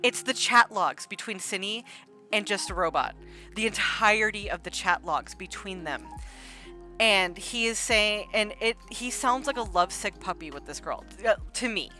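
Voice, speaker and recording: A woman's voice: mid-range voice, expressive, normal speed, sharp tone, faint music behind. A woman hosting an art livestream, casually retelling online drama in a rambling way full of "like" and "um". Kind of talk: casual gossip storytelling.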